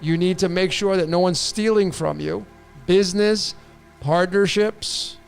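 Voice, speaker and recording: Man, tarot livestream host, loose and rambling with restarts, higher voice. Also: a little slow, vocal fry, smooth, soft background music. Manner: rambling, repetitive restarts, casual swearing. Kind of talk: casual livestream reading.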